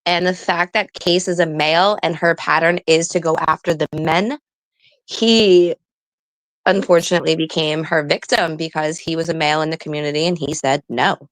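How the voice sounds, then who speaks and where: A woman's voice: low-pitched, fairly even intonation, moderate pace, no echo, poor audio. A woman co-hosting a livestream, talking bluntly and indignantly in casual gossip. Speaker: livestream co-host.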